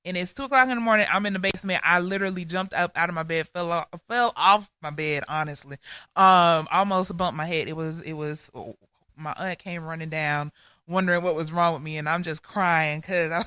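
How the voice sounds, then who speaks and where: A woman co-hosting a faith podcast, recounting a personal testimony with earnest feeling. Her voice is crisp and smooth with a bright, forward edge. The sound is dry and close, with no room around it. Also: on the low side, moderate pace, no room sound. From Georgia, US. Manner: earnest, heartfelt storytelling. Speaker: podcast co-host.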